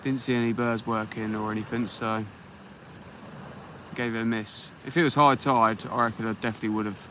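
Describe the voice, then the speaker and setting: English bloke fishing off a beach on a phone live, bright forceful voice, says hi to everyone by name, faint hum behind. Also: male voice, lowish voice, steady tone, brisk, rough recording. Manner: easygoing, greets viewers by name. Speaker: fishing livestream host. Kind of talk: casual live chat while fishing. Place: beach outdoors at night.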